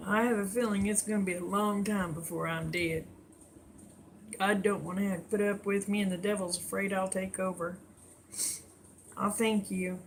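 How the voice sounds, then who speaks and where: Older woman, tired, folksy livestream chat, middle pitch, slight background hum. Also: steady tone, normal speed, long pauses. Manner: folksy, chatty, greets viewers by name. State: tired, yawning. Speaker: livestream host. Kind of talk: late-night livestream chat with viewers.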